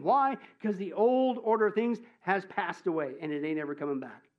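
A man delivers a sermon in a high voice, playful and animated. He jumps between loud bursts and hushed, drawn-out asides. The recording sounds dull and lo-fi. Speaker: pastor.

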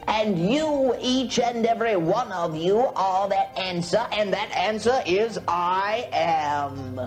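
A solemn, ancient male spirit guide, as a woman channels him, speaking at an unhurried, deliberate pace. The pronouncements come slow and measured, with faint music underneath. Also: medium pitch, expressive.

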